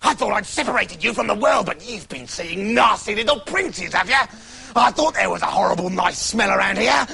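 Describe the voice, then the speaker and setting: Man doing a wicked old witch, shrieking, cackling, high gravelly voice, wild ranting. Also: lively intonation, normal speed, heavily acted. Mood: furious. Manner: ranting in bursts of shouting. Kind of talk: comic storytelling performance.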